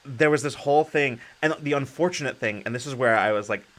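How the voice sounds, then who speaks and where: A man's voice: medium pitch, quick pace, fairly bright tone. A man hosting a casual chat, telling a story with lots of restarts and fillers. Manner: rambling, many fillers and restarts. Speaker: podcast host.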